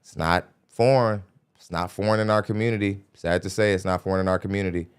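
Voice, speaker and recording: A man's voice: low-pitched, fairly even intonation, fast talker, smooth. A man hosting a podcast, commenting bluntly and lecturing his listeners in a casual way. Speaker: podcast host reacting to a clip. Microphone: studio microphone.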